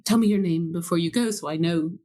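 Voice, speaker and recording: A middle-aged woman, a former sommelier, telling lively anecdotes in an interview, laughing often and acting out the lines she quotes. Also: lowish voice, fast talker. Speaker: wine buyer and former sommelier. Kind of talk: storytelling interview chat.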